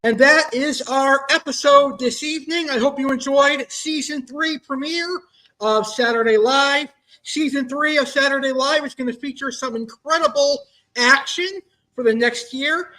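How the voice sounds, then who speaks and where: Guy hosting his own show, really high voice, upbeat and eager. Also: normal speed, pushed and bright. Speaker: show host. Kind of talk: casual hosting.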